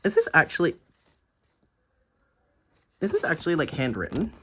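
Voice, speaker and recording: A man's voice: a little high, wildly swooping pitch, moderate pace, bright, forceful tone, a little hiss or hum. A young man in a casual video diary, gushing over a gift and swearing freely, stumbling as he reads a letter aloud at home. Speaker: vlogger.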